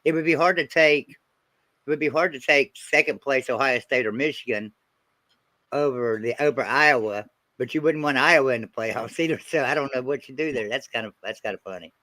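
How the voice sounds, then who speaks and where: Bright-voiced man hosting a sports chat. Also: mid-range voice, normal speed, no room sound. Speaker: show host reading super chats.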